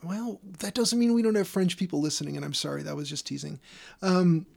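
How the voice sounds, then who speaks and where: A man's voice: high voice, fairly quick, creaky, a little mellow. A man co-hosting a podcast, chatting casually, teasing and laughing often. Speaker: podcast co-host. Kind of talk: casual chat.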